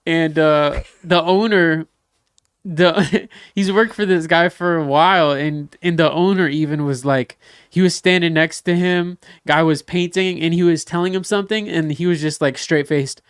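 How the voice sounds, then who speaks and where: Podcast host, man, smooth but gravelly voice, dry close mic, tells stories and asks follow-ups. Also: a little high, moderate pace, no room sound. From Southern United States. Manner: animated storyteller, acts out quoted dialogue; asks probing follow-up questions. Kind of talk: casual interview chat.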